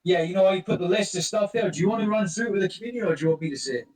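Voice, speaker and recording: A man's voice: high voice, racing, darkish tone, roomy sound, distant mic, rough recording. Rambling, cursing man hosting a voice chat. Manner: rambling, swears a lot, greets listeners by name. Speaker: crypto project lead hosting a community voice chat. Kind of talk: casual chat.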